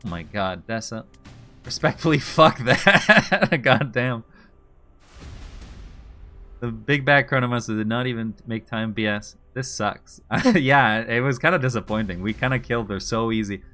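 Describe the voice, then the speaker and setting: Jokey gamer dude doing let's play commentary, bright voice, swings up and down a lot. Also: male voice, mid-range voice, animated, measured pace, soft background music. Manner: playful and jokey, often laughing. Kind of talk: casual gameplay commentary.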